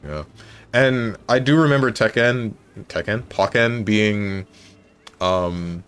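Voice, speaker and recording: A man's voice: lowish voice, lively intonation, slow pace, a bit bright, clear, resonant tone. A male streamer chatting casually on a live stream, thinking aloud and correcting himself as he goes.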